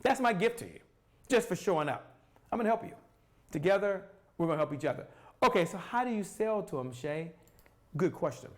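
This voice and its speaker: A man coaching on sales in a live stream, energetic, asking and answering his own questions and repeating phrases for emphasis. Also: sits high. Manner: pauses to sip water.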